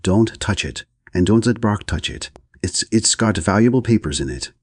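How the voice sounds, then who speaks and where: A man's voice: lowish voice, animated, moderate pace, breathy edge, no echo, clean studio sound, voice pushed up. A man voicing an anxious bookseller who insists and repeats himself on the telephone. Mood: urgent. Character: urgent, anxious male bookseller on phone.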